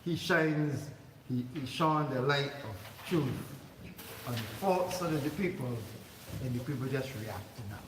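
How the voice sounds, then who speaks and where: A man's voice: mid-range voice, unhurried. A man teaching an informal Quran commentary class in a mosque, talking in a chatty way, laughing often and repeating his words. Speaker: religious teacher. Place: mosque hall. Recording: echoey hall, far mic, noisy.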